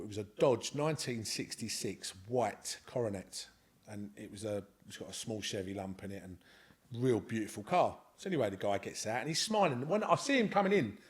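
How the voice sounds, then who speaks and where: This interview guest on a podcast, a man from Scotland who speaks with a London accent, has a medium-pitched, somewhat mellow voice. He chats casually, winding through a long, sincere story.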